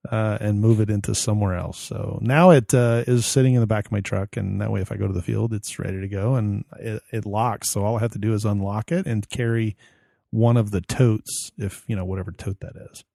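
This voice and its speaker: A man's voice: fairly low pitch, steady tone, brisk, vocal fry, mellow, dry recording, clean studio sound. A man co-hosting a podcast in casual chat, a rambling storyteller who acts out the voices of people in his anecdotes. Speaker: podcast co-host.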